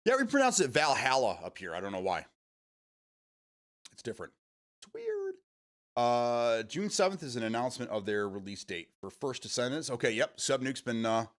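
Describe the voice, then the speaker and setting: A middle-aged man chats loosely through a live stream, rambling from one thought to the next. His pitch swings up and down a lot, and he keeps laughing at his own stories in an easygoing, self-amused way. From Michigan, USA. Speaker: streamer host. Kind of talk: casual live-stream chat.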